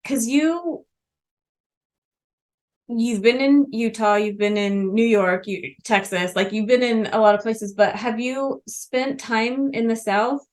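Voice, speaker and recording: A woman's voice: a little high, slow pace. A woman from the Missouri Ozarks co-hosting a podcast, chatting casually about a book in a rambling way with many fillers. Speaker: podcast co-host.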